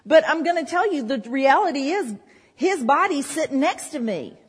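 In a church hall, a woman delivers a sermon, chatting conversationally with the congregation. Her high voice is expressive and moves at a normal speed, and the hall gives the recording a strong reverb.

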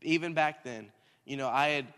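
A young man, a minister, telling a story in a lively sermon and rising to shouts at times. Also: a little high, normal speed, smooth. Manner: animated, talks in circles, rising to shouts. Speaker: youth minister. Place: church hall. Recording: hall reverb.

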